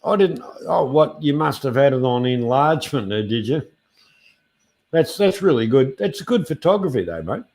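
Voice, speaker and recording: A man's voice: mid-range voice, expressive, normal speed, a little mellow. An Australian man chatting as a guest on a live stream, rambling and circling back with many fillers. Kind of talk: casual live chat.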